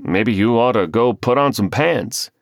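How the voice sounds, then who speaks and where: A man's voice: mid-range voice, animated, unhurried, gravelly, no echo, clean studio sound, pitched above the performer's own voice. A man voicing an amiable neighbor coal miner with a teasing, folksy manner, in an audiobook.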